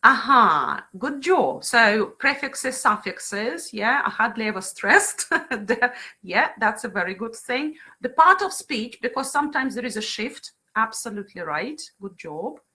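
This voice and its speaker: A woman running an online training session for teachers, lively and often checking in with her group by asking "right?" and "yeah". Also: a little high, a little slow. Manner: frequent fillers and brief laughs.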